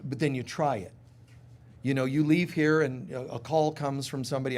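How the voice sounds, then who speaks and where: A man giving a live sermon in a casual, humorous way, who acts out little voices and drops to soft, quiet tones on serious points. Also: mid-range voice, normal speed. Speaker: spiritual teacher.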